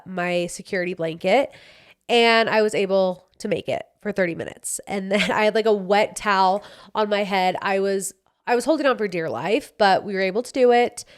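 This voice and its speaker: A young woman hosting a podcast, telling a personal story in a casual, animated way, acting out the dialogue and swearing freely. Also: medium pitch, normal speed, clean tone. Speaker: podcast host.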